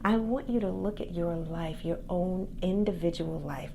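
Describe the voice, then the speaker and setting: Soft-spoken woman with a gravelly edge. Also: on the low side, noisy background. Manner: soft calm unhurried voice; faith-based encouragement. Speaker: podcast host and accountability coach. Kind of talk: casual motivational pep talk.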